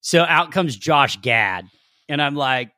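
Man telling an animated anecdote. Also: on the high side, slow pace, dry recording, studio quality. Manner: animated storyteller who swears casually. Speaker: actor.

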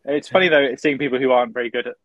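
A man's voice: medium pitch, fairly even intonation, very fast, fairly bright tone, dry recording, muffled recording. A man guesting on a podcast, telling stories in casual chat with dry humor and acted-out quoted lines.

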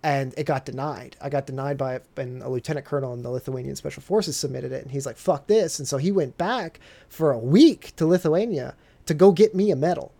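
A man's voice: mid-range voice, a little fast, creaky, warm tone. A man, a military veteran, telling rambling, profane stories in casual podcast chat and laughing often.

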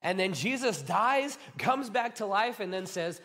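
Animated, high-pitched male preacher. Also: a little slow, hardly any pauses. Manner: animated storytelling, acting out excited disciples. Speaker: pastor. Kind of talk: sermon.

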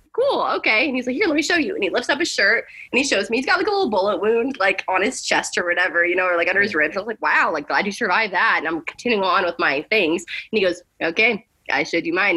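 Lively, bright-voiced young woman nurse. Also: medium pitch, slightly rough. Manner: animated storytelling, lots of "like". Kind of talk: casual chat.

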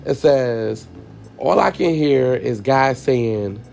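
Tearful man with a gravelly voice. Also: medium pitch, expressive, slow, a little mellow, soft background music. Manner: candid, profane, repeats himself, addresses listeners as y'all. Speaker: podcast host. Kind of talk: emotional personal storytelling.

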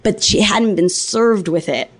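Brief: podcast guest, woman from Los Angeles, mid-pitch voice, animated, foul-mouthed storyteller. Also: a little slow. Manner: profane, animated anecdote telling. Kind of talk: casual storytelling.

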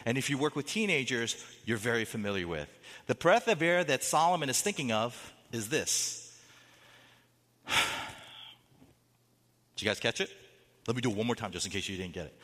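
A man preaching a sermon as a pastor, animated, with dramatic quotes and rising emphasis. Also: mid-range voice, in a large hall.

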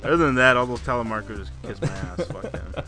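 Bright-voiced laughing storyteller man. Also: medium pitch, lively intonation, quick pace, faint music behind. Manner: storytelling with frequent laughter and profanity. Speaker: podcast co-host. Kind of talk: casual chat.

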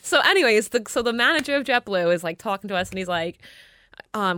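A woman's voice: mid-range voice, expressive, pushed and bright, dry recording, studio quality. A woman casually telling a story, laughing and acting out the people in it. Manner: quick, laughing, acts out the people in her story.

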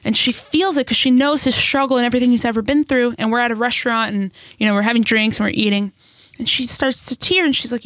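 A woman co-hosting a podcast, telling a story in an animated, indignant way and swearing freely. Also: fairly high pitch, fast talker, no room sound, clean studio sound. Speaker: podcast co-host. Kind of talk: casual storytelling chat.

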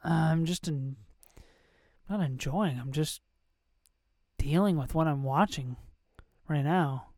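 Podcast host, movie commentary, excitable, emotional, unhurried, dry close sound. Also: mid-range voice, dry recording. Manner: excitable, emotional reactions while watching.

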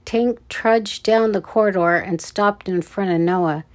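A woman narrating a children's adventure audiobook in a measured, expressive way. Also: medium pitch.

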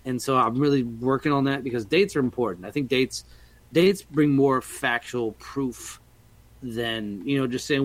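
A man's voice: medium pitch, normal speed, no room sound. A man hosting a casual podcast, talking in a playful, jokey and rambling way. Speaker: podcast host. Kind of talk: casual chat.

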